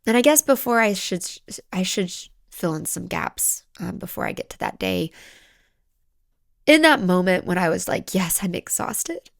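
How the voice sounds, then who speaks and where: A woman hosting a solo podcast, speaking in a raw, emotional, halting way and sometimes dropping into whispers. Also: on the low side, very animated, gravelly, no echo, clean studio sound. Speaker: podcast host.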